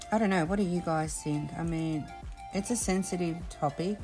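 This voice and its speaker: A woman chatting casually while she does diamond painting, rambling with many fillers and restarts, and sounding emotional and worn out. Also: fairly low pitch. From Australia. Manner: emotional, admits exhaustion. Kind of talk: casual chat while crafting. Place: home craft room.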